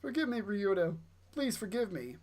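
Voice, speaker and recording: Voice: medium pitch, big pitch swings, normal speed, darkish tone, voice pushed up, natural voice. A player reading as a pleading remorseful young woman. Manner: pleading, apologetic.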